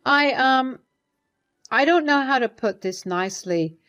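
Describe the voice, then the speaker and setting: A woman's voice: high voice, animated, a little slow, fairly bright tone, dull audio, pitched above the performer's own voice. A woman voicing a caring middle-aged mother-in-law who speaks hesitantly and soothingly while reading a story's dialogue. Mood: concerned.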